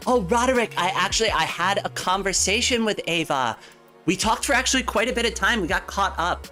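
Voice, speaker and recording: A woman's voice: medium pitch, expressive, a little fast, pushed and bright, faint music behind. A woman livestreamer in casual chat, talking straight to her viewers, giggling often and repeating words as she thinks.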